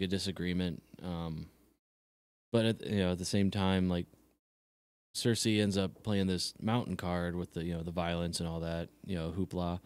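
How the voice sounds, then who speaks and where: Male host, very low voice, dry wit, dead-dry recording. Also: a little mellow, no echo. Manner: dry quips, acts out quoted lines. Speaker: podcast host. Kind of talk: casual chat.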